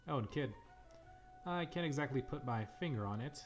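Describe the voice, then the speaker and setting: A man's voice: medium pitch, expressive, normal speed, soft background music, lightly acted. A man voicing a sly, folksy older bartender who is also a seer, reading a fan game's dialogue aloud.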